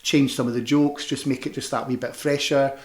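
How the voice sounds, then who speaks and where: A man's voice: medium pitch, flat delivery, brisk. Chatty Scottish man with a Glasgow accent. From Scotland. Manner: chatty, rambling, many restarts and fillers. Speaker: panto performer and director. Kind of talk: casual interview chat.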